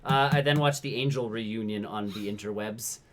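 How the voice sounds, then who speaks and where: A man's voice: lowish voice, normal speed, crowd noise. A man co-hosting a podcast in casual chat, retelling stories in a rambling way full of "like" and fillers. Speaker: podcast co-host.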